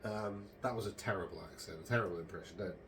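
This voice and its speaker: Rambling man, low voice. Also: quick pace, noisy background. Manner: meandering, hesitant, full of ums and self-corrections. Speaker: podcast host. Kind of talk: casual rambling monologue.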